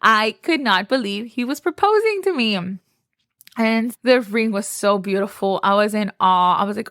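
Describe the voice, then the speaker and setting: A young woman from Texas tells a story on her podcast, gushing and full of "like". Her voice sits at a middle pitch. The close mic gives a dry sound no room in it. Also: normal speed, a bit bright, clear, resonant tone, no echo. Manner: chatty, gushing, says "like" often. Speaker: podcast host. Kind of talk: casual storytelling.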